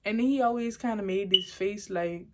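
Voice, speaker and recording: A young adult woman recounts a personal story for her vlog. She rambles animatedly, doubling back and restarting her sentences, at an ordinary pitch for a woman. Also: normal speed, noisy background. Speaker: vlogger.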